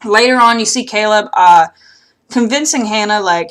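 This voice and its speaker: A woman's voice: medium pitch, normal speed, fairly bright tone. A young woman casually recapping a TV episode outdoors, rambling and swearing, with lots of fillers. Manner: chatty, profane, rambling with many fillers. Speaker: TV recap vlogger.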